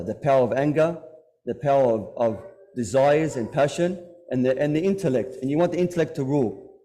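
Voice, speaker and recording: A man's voice: mid-range voice, dark tone. A man giving a Muharram majlis sermon, speaking conversationally and putting direct questions to the congregation. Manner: retells stories with acted dialogue. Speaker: religious lecturer.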